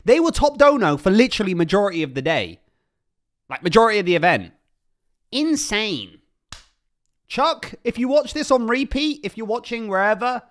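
A young man streaming, reacting excitedly to clips in a casual chat and repeating himself as he talks. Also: high voice.

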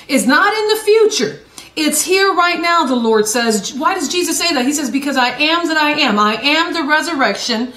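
A woman evangelist preaching a fervent broadcast sermon, repeating phrases, restarting words and rising to shouts. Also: high-pitched, expressive, normal speed, reverberant.

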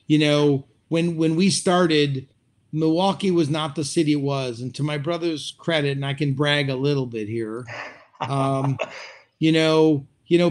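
A middle-aged man with a slightly raised pitch, talking as a restaurateur guest over a video call. He speaks reflectively, pausing and filling gaps with fillers as he works through his thoughts. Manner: reflective, hesitant with many fillers. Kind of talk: interview conversation.

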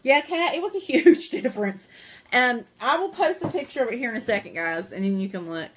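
A woman's voice: fairly high pitch, expressive, fairly quick, a bit bright, a little hiss or hum. Stuffy-nosed woman hosting a live sale. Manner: chatty, talks to viewers by name while multitasking. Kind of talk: casual live stream sales chat.

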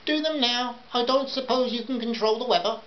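Man doing a high snappish middle-aged woman. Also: brisk. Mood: bossy. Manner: snappish, demanding. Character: sharp-tongued fussy middle-aged woman customer. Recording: dull lo-fi home recording with hiss.

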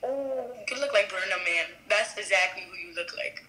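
A woman's voice: medium pitch, moderate pace, pushed and bright, slight background noise, rough recording. A woman on a video chat app, brash and profane, mocking the man she is talking to. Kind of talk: casual video chat banter.

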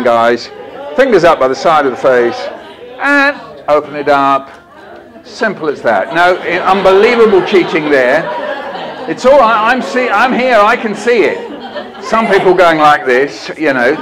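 Leading teachers in a call-and-response poem, a children's poet from England delivers a lively storytelling masterclass at a conference hall, doing playful put-on voices. He speaks in a mid-range, slightly bright voice.

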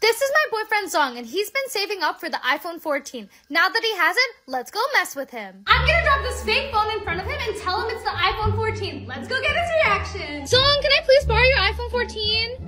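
A woman's voice: very high-pitched, sing-song, a little fast, few pauses. A woman setting up pranks in comedy skits, playful and teasing. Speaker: prank skit performer. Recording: loud background noise.

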